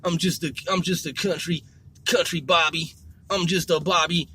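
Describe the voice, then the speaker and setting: A man's voice: a little high, steady tone, moderate pace, sharp tone, husky, voice pushed down, heavily acted. A man voicing a small-town country rapper in a put-on country drawl. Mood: boastful. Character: small-town male country rapper boasting about himself.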